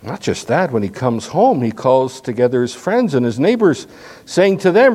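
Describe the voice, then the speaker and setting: A male pastor preaching a sermon in an animated, conversational, folksy way, with frequent restarts. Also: medium pitch, normal speed.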